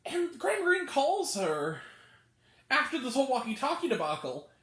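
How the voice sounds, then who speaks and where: A woman's voice: high-pitched, huge pitch swings, normal speed, a bit bright, reverberant. A woman reviewing a movie in a casual rant, incredulous, often laughing and swearing freely. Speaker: film reviewer.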